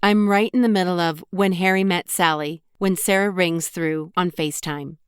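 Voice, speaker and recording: A woman narrating a young adult audiobook in the first person, in an even, conversational storytelling manner. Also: fairly low pitch, moderate pace, smooth, dry recording, clean studio sound.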